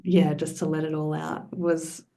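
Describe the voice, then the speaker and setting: A mother telling her birth story as a podcast guest, lively and expressive, often laughing. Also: sits low, unhurried, creaky. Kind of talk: personal storytelling.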